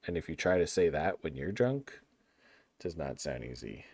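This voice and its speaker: A low-voiced man in casual livestream chat, his pitch swinging up and down as he talks. He sounds chatty and playful, and the sound is dry and close, with no room around him. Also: very animated, moderate pace, a little mellow, dry recording. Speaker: livestreamer building a game map.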